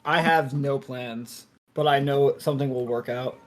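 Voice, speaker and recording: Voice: mid-range voice, steady tone, unhurried. A player in a tabletop game who drawls and giggles often. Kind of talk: casual chat among players.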